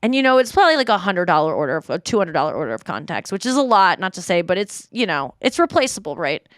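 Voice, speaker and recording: A thirties-aged woman hosts a podcast in a relaxed, chatty way, spinning animated stories, reading texts out loud and giggling often. Her voice runs low and fast. The studio-quality recording has no room sound.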